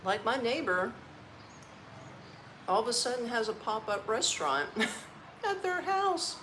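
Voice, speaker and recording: Unhurried yet animated, a tired Orlando, Florida vlogger eats and chats on a live stream from her apartment, laughing often and using folksy slang. Her voice is a little high and fairly bright, and the poor audio has a bit of hiss or hum.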